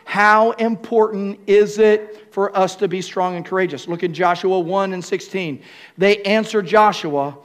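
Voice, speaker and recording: High-voiced preaching man. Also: a little slow. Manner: preaching, repeats phrases, rises to shouting. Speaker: pastor. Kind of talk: sermon. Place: church room with congregation.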